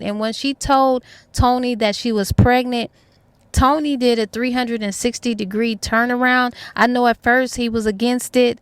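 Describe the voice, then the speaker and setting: A woman's voice: fairly high pitch, clear, resonant tone, no room sound. A young adult woman retelling a novel's plot in a casual, colloquial way as a book reviewer. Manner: chatty, colloquial, acts out characters' lines.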